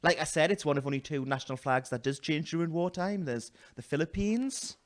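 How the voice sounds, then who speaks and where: A man with a fairly high pitch delivers a brisk stand-up set in a small venue, loudly telling a story. Along the way he uses put-on voices and self-deprecating asides.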